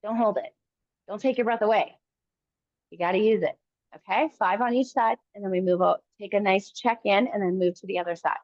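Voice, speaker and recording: A woman coaching a kettlebell workout live, giving calm encouraging cues in short phrases. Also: medium pitch, fairly quick, no room sound, lo-fi sound. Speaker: fitness coach.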